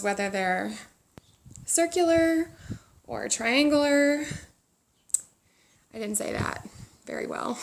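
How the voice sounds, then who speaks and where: A woman's voice: on the high side, vocal fry, a bit bright. A woman hosting a knitting podcast, chatting casually and rambling a little, self-deprecating as she talks, sitting outdoors. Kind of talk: casual chat.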